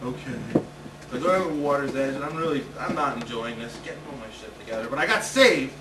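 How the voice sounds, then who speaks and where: A male stand-up comedian telling a long story in an animated way. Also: medium pitch, fast. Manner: animated, building excitement. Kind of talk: comic storytelling. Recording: roomy stage sound, distant mic, noisy.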